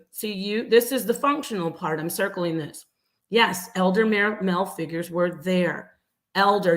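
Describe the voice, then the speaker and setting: A middle-aged woman, a mother, hosting a live stream and answering chat comments with animated, repetitive explanations. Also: mid-range voice. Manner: animated, acts out quoted voices, repeats points.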